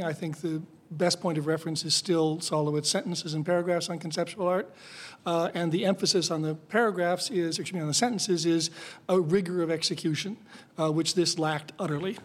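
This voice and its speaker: Blunt, opinionated male critic. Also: fairly high pitch. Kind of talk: discussion panel.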